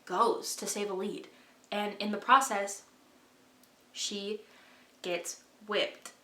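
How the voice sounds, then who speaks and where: A woman vlogger recapping a book in a casual, rambling way, gushing with excitement and dropping to a hushed voice at dramatic moments. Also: mid-range voice, roomy sound.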